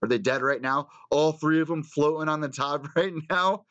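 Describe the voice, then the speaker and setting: A man's voice: fairly high pitch, moderate pace, few pauses, a bit bright. Profane, rambling man on lo-fi stream. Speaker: host of a live news show. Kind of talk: casual live-stream chat.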